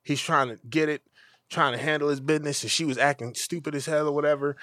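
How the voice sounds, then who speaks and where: A young adult man co-hosting a podcast, telling a story in a loud, animated, profane way and acting out the people in it. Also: fairly high pitch, fast, no echo, studio quality. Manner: animated, profane, acts out dialogue. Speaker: podcast co-host. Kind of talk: casual storytelling chat.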